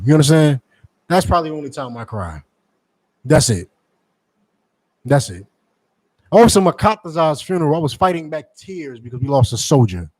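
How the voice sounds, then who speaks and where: A man delivering a forceful sermon to his members, repeating points and asking rhetorical questions. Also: a little high, no echo, rough recording. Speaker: teacher addressing members. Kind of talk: street-preacher style sermon.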